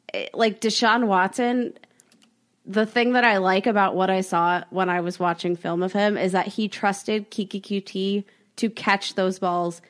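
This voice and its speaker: A woman co-hosting a podcast, chatting casually in a playful, joking way while giving quick analysis. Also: medium pitch. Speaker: podcast co-host.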